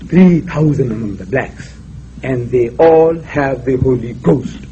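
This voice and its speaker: A man's voice: medium pitch, unhurried, warm tone, a little hiss or hum. An older man from Africa, giving an emphatic, rhetorical public lecture in a university hall, quoting scripture. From South Africa. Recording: dull lo-fi lecture recording.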